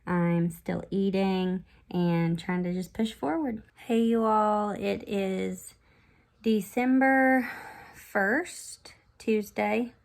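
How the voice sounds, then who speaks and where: A woman's voice: medium pitch, very slow, gravelly. A woman, vlogging casually and candidly to her viewers while short of breath. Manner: conversational, candid, chatty with fillers. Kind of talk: casual health vlog to camera.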